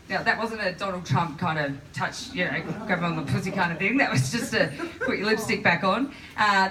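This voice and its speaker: A woman doing stand-up comedy and emceeing, chatty with deadpan asides, recorded live in a comedy venue. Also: medium pitch, quick pace, hardly any pauses, a little hiss or hum. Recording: distant mic in a live room.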